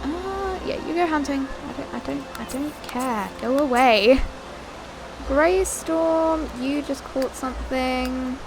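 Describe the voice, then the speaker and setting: A young woman giving casual, chatty gameplay commentary while she plays, often bemused and quick to correct herself. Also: high-pitched, noisy background. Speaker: gaming YouTuber.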